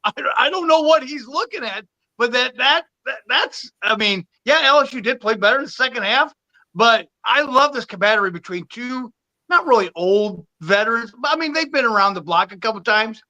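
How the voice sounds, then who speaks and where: A man's voice: very high-pitched, animated, fairly quick, pushed and bright. A man co-hosting a sports podcast, talking casually and hesitantly, with repeated starts. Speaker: podcast co-host giving picks.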